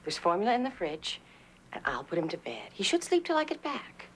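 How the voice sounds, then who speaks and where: A tired mom, firm but sorry, voice rises and falls a lot. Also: female voice, medium pitch, wildly swooping pitch, brisk, fairly bright tone, slight background noise. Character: weary working mother, firm but sorry. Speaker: mother. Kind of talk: 1980s TV drama acting.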